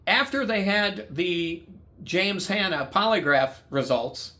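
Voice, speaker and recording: Blunt, high-voiced man swearing angrily. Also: animated, slow pace, pushed and bright. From United States. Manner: blunt, heavy swearing, re-enacts dialogue. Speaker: guest telling his story. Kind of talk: angry personal storytelling.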